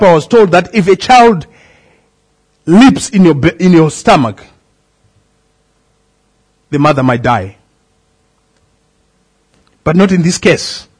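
Middle-aged pastor guy preaching, husky, high voice that swoops all over. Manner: preaching with swooping pitch, calls to the congregation. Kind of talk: sermon.

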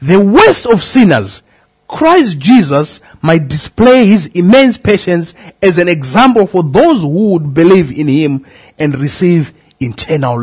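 Husky-voiced man preaching with swooping pitch. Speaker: pastor. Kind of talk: sermon.

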